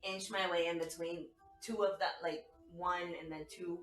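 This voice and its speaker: A woman's voice: on the low side, steady tone, normal speed, fairly bright tone, far from the mic. A woman talking as a player in a tabletop game, playful and rambling with frequent laughs. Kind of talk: casual tabletop game chat. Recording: echoey room, voice off-mic, faint music.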